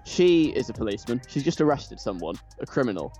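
A man's voice: mid-range voice, sing-song, brisk, warm tone. Chatty radio host, a man. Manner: chatty, enthusiastic. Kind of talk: casual radio chat. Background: faint music.

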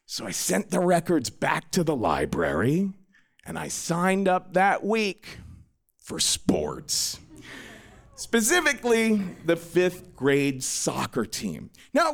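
A man's voice: on the high side, creaky. A man telling a personal story with a dramatic, self-mocking flair, acting out the people in it.

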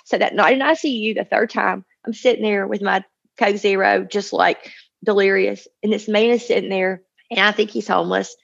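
A woman in her forties gives a heartfelt personal testimony about her family, her words spilling out earnestly as she acts out the people she quotes. Her voice is husky, with a gravelly edge. The recording is somewhat dull and lo-fi. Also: medium pitch, fairly even intonation, normal speed. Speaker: mother sharing a personal testimony.

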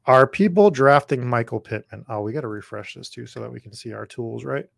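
Brisk and mid-range with vocal fry, this podcast host's slightly worn voice comes through at studio quality with no echo. He chats in a rambling way while drafting live and responding to viewer comments.

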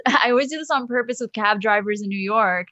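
A woman chatting as a podcast guest, telling lively stories at a quick clip. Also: fairly high pitch, no room sound, highs cut off. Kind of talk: casual chat.

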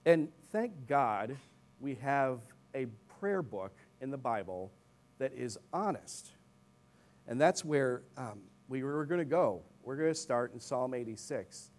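A young man preaching a sermon, telling a personal story with lively asides to his congregation. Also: medium pitch, slow. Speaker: pastor. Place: church in Chicago.

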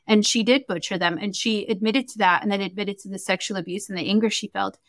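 A young adult woman who reads Akashic records is a guest in a casual interview, animatedly telling a story and acting out the quoted dialogue. She speaks at a quick pace with a medium-pitched voice, and there's no room sound.

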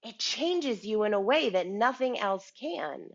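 On a business show, a woman gives a casual motivational talk in a fairly high, animated voice at a slightly slow pace, with the highs cut off. She's chatty, keeps restarting and repeating words, and checks in with the listener by asking "right?"

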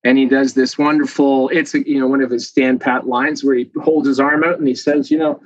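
Male scientist guest, talky and animated, lots of fillers; dry, slightly dull recording. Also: medium pitch, a little fast, no room sound. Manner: animated, filler-heavy explaining with laughs. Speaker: muscle protein scientist guest. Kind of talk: conversational interview.

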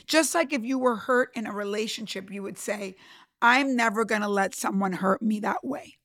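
Here a woman shares the story of her business in a personal storytelling talk, earnest and emphatic, voicing her inner thoughts aloud in a conversational way. Her mid-range voice is a bit bright and runs at normal speed, captured in studio quality without any room sound.

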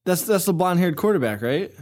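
Dry, sarcastic man with a lively voice. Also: high voice, fast talker. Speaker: podcast co-host. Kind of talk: casual film-review chat.

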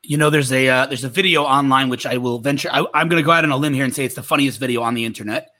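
Fast-talking bright-voiced man. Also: mid-range voice. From Israel. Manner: rapid, animated storytelling. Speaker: guest entrepreneur. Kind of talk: casual interview talk.

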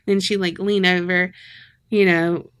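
A woman's voice: on the low side, little pitch movement, measured pace, a bit bright, clean tone. A woman with a Southern American accent co-hosts a podcast and tells a crime story in casual chat. She laughs often and slips into voices to act out what people said. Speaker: podcast co-host.

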